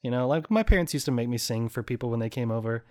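A woman's voice: rumbling low, lively intonation, fast, dark tone. A woman co-hosting a casual chat, talking in loose, rambling runs. She giggles often and slips into little sung and acted bits. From American South.

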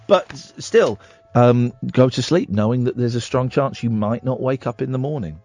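A man's voice: medium pitch, moderate pace, mellow, soft background music. A man hosting a radio show, chatting in a sarcastic, self-mocking, jokey way from the studio. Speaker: radio host. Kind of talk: late-night radio chat.

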